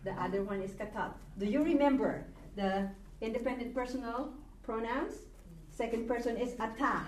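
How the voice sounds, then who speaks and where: A woman's voice: on the high side, normal speed, slight background noise. A woman teaching a Hebrew grammar lesson to a class, patiently repeating words and prompting students to read along. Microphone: recorded from a distance. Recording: echoey room, distant mic, faint ambience.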